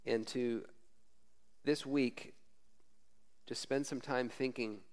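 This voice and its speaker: A man's voice: mid-range voice, steady tone, takes it slowly, pauses often, a little mellow. A man preaching a casual, conversational sermon as a former missionary, frank and informal, often tagging lines with "right?".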